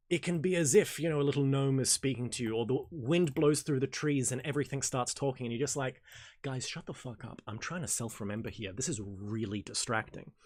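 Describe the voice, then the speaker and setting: A man's voice: mid-range voice, darkish tone. A man hosting a casual Q&A livestream. He talks in a rambling, self-correcting way, swears now and then, and laughs at his own asides. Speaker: host.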